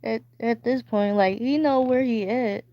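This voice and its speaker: Slow rambling woman, dull dry sound. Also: on the high side, no echo. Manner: rambling, stammering, playful. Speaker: streamer. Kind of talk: casual chat.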